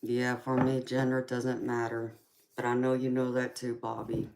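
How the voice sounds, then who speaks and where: The recording is very noisy, and this tarot reader's bass voice comes through flat and monotone at a moderate pace. Speaking in a thick Southern accent, she chats casually with her live-stream viewers, calls them baby and darling, and laughs frequently.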